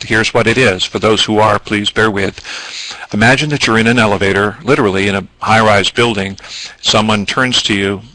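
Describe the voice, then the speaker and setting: A man's voice: lowish voice, bright, forceful tone, no room sound, poor audio. A man presenting a business training webinar, explaining at length with ums and asides.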